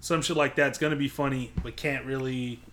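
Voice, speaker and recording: A man's voice: mid-range voice, steady tone, brisk, crowd noise. A man with a Southern California surfer accent from the South Bay, rambling in casual, laid-back chat and swearing freely. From Los Angeles South Bay.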